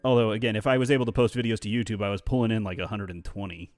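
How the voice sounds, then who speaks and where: A man's voice: lowish voice, steady tone, racing, a little mellow, no echo, studio quality, faint music behind. A man hosting a casual livestream chat, joking and laughing often. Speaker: streamer host.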